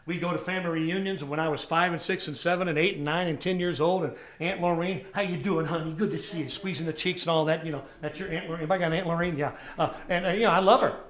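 High-voiced preacher man telling stories. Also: racing, few pauses. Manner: animated storytelling with congregation call-outs. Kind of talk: sermon with personal stories. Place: church service before a congregation.

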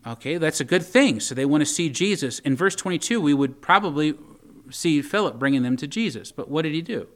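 A man preaching a sermon in a loose, talky manner, often stumbling over repeated words. His voice sits slightly high. He moves between plain storytelling and reading old scripture aloud. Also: animated, a little fast.

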